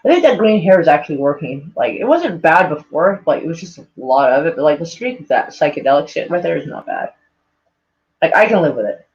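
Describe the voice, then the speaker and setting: Fairly high-pitched and brisk, with big swings in pitch, this streamer rambles casually, dropping "like" constantly and cursing without restraint. A mild speech impediment shows in his speech, and the home stream audio sounds dull and lo-fi.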